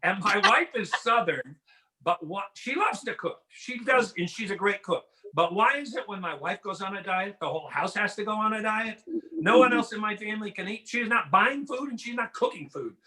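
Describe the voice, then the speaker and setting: A middle-aged stand-up comedian from Washington State performs an animated routine, slipping into drawls and mimicked voices. His voice is high-pitched at a normal speed, and the audio is poor.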